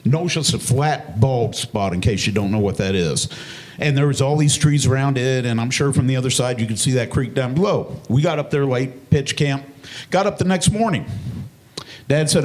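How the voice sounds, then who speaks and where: A man telling a stand-up comedy story in a folksy, plain-spoken way, with deadpan punchlines. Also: mid-range voice, moderate pace.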